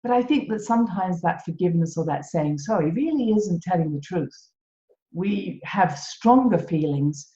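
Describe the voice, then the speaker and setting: British woman podcast host, low voice, gentle and wry, echoey room, dull lo-fi sound. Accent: British English. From Britain. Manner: gentle, self-mocking, laughs often. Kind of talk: reflective solo podcast talk.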